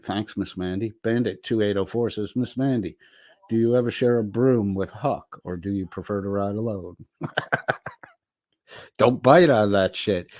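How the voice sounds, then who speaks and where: A man's voice: lowish voice, a little mellow, no room sound, studio quality. A man hosting a livestream, reading viewer comments aloud with profane, wisecracking asides. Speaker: livestream host reading chat.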